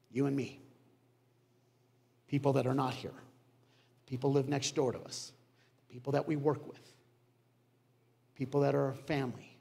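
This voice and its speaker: A male pastor preaching a sermon, telling a story in a conversational way with dramatic pauses. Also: mid-range voice, gravelly, a little mellow, breathy edge. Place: church sanctuary. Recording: long church hall reverb.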